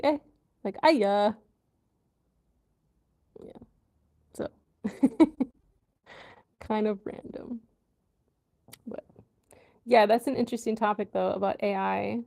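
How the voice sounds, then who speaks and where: Chatting with viewers from home, an American livestream host talks in a relaxed, wandering way, sprinkling in plenty of "um" and "like." Her mid-range voice is dark and mellow, carried on a gravelly fry.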